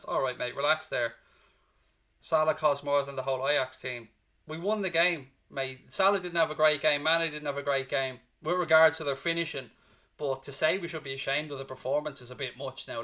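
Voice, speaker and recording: A man's voice: fairly high pitch, pushed and bright. A male fan channel host on a live post-match stream, reading out chat comments in an emotional, blunt way that wanders onto tangents, and exhausted.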